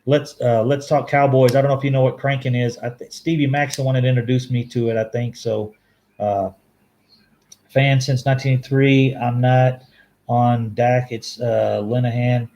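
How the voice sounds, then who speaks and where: Guy rambling on a live stream, restarts a lot, corrects himself, chatty with viewers, mid-pitched voice. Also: level tone, darkish tone. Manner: rambling, halting restarts, frequent self-corrections; laughs easily, chats with viewers. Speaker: fan show host reading live chat. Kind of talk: casual live-stream sports talk.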